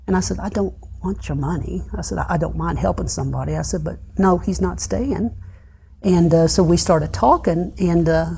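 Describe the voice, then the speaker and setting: A middle-aged man giving a personal testimony in an interview, retelling events haltingly with many pauses and often dropping soft and low. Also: vocal fry, a little hiss or hum. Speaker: interview guest.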